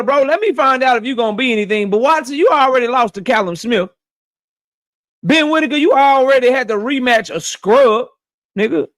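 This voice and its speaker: Very high-pitched and a bit bright, a young man's voice carries his boxing talk show. He gives casual, opinionated commentary, blunt and full of profanity, often repeating lines to drive them home.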